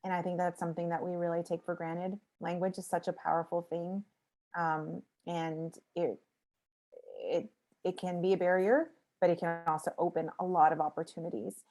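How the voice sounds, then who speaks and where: A woman's voice: fairly low pitch, level tone, moderate pace, warm tone. A woman speaking as a nonprofit founder on a video call panel, telling stories in an earnest, reflective way.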